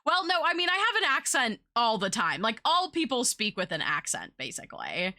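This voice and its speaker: Chatting while she draws on stream, this young woman from the United States has a Southern accent with a hint of British vowels. Her voice sits fairly high, swings hugely in pitch, and moves fairly quickly with a bright, forceful tone. She's chatty and rambling, laughing often and leaning on fillers.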